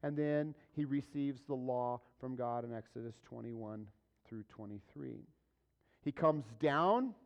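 A man's voice: medium pitch, a little slow, clean tone. A man preaching a sermon as a pastor, talking conversationally and asking the congregation rhetorical questions. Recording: dull lo-fi recording.

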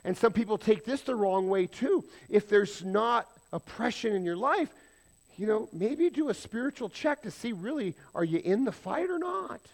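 A man delivering a sermon in a high voice. He preaches with emphasis and fires rhetorical questions at his listeners. At times he drops to a hushed, almost whispered delivery. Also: animated, moderate pace, creaky. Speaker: pastor.

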